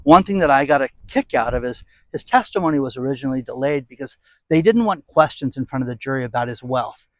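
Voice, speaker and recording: A man's voice: medium pitch, lively intonation, fast, a bit bright, no echo. A middle-aged man delivering an opinionated, sarcastic commentary rant as a vlogger. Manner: sarcastic, ranting, mocking.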